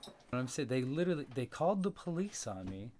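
A man telling a long story in casual talk, cursing freely and getting animated. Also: mid-range voice, fast, a little hiss or hum. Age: adult with a young child. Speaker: podcast host.

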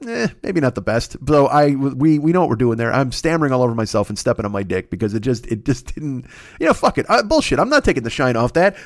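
Fast-talking, swearing man ranting. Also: medium pitch, dry recording, studio quality. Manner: rambling, self-interrupting, swears constantly. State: recovering from a cold. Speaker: podcast host. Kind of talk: profane comedic monologue.

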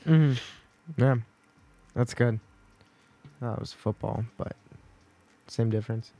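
A man's voice: mid-range voice, slow pace, warm tone. A man co-hosting a podcast in casual chat, jokey and self-deprecating, often laughing. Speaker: podcast co-host.

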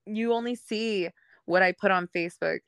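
Recorded dry, this podcast guest is a young woman who speaks candidly about her life in a relaxed chat. She laughs a lot and imitates the people she quotes, using a smooth, fairly bright mid-range voice at a moderate pace.

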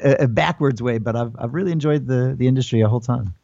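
An American man in his forties, rambling through his answers with restarts and fillers. His voice is dark and mellow. The sound is dry and slightly dull, as if over a remote call. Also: medium pitch, quick pace, vocal fry, dry recording. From United States. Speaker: guest. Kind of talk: casual interview talk.

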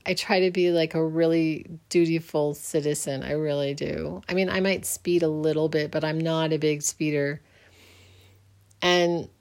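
A middle-aged woman hosting a podcast, telling a personal story in a rambling, earnest, reflective way. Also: fairly low pitch. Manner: rambling, earnest, often restarts; faith-minded, reflective. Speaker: podcast host.

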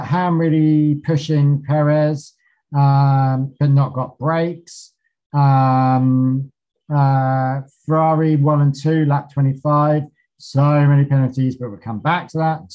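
A man's voice: mid-range voice, fairly even intonation, takes it slowly, lo-fi sound. A man co-hosting a podcast, recapping a race in clipped notes with frequent ums and casual swearing. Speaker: podcast co-host.

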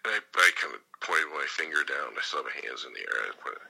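Gravelly deep-voiced man telling a story. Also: animated, fast, pushed and bright, poor audio. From California. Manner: rambling, acts out voices in his stories, swears. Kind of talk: casual chat, telling a story.

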